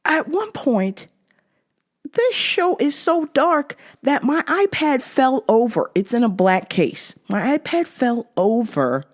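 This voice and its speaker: Woman host, casual comic rant, swears freely, animated delivery, slow-paced with a lively up-and-down voice. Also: high-pitched. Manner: animated, swears a lot, laughs often. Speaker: podcast host.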